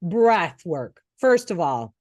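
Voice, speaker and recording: A woman's voice: lowish voice, very animated, takes it slowly, darkish tone, no echo, lo-fi sound. Earnest middle-aged woman, dry close sound. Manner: earnest, encouraging, many restarts. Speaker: nurse and co-host. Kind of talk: casual podcast chat.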